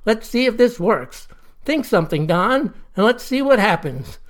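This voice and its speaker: A narrator voicing the solemn ghost of an old statesman who speaks in a measured, earnest way. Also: sits high, sing-song.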